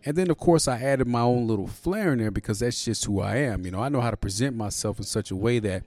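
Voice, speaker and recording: Talking quickly in a mid-range voice, a podcast host in his forties rambles through a casual monologue. He swears easily, fills gaps with "you know," and a soft beat runs beneath him.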